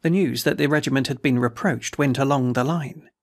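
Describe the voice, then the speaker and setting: A man narrating a classic novel as an audiobook, reading in a steady, measured way. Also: medium pitch, vocal fry, dry recording, studio quality.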